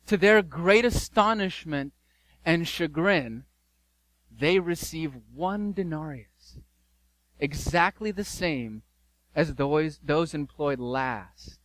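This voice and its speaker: A male pastor preaching a sermon, telling a story with emphatic repetition and dramatic pauses. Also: a little high, fairly bright tone, no room sound, rough recording.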